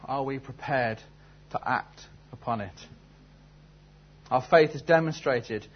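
A man's voice: mid-range voice, takes it slowly, highs cut off, a little hiss or hum. A man preaching a sermon, telling a story and then asking earnest, searching questions. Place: church service.

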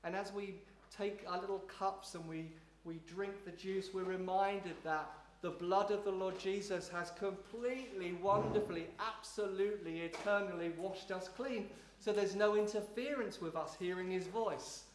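Man leading a slow prayerful church teaching. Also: high voice. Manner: slow, repetitive, prayerful phrasing. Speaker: pastor leading a service. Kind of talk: guided devotional teaching. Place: church room with a congregation. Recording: roomy echo, faint noise.

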